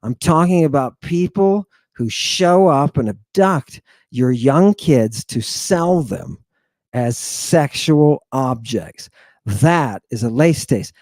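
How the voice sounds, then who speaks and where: A man teaching an online lesson in an excitable, emphatic way, repeating phrases and swinging between loud outbursts and hushed asides. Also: mid-range voice, slow, no room sound, studio quality. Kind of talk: animated online lecture.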